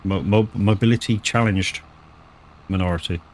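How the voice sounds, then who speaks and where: Rambling man, lowish voice. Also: fairly even intonation, normal speed, slight background noise. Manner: rambling, swears freely, lots of restarts and stammers. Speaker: live streamer. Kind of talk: casual gaming stream chat.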